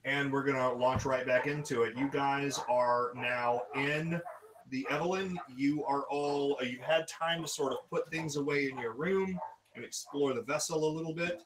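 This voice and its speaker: A man running a tabletop game, painting each scene for his players. His voice sits at an ordinary middle pitch, and he talks at an easy pace with the odd filler. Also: fairly even intonation, noisy background. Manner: descriptive, unhurried narration with fillers. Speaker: game master.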